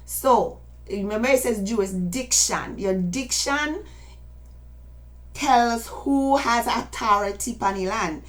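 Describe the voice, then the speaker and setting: A woman's voice: on the high side, slow pace. An older woman speaking in a casual, rambling monologue, talking straight to her listeners in an insistent way. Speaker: speaker addressing followers.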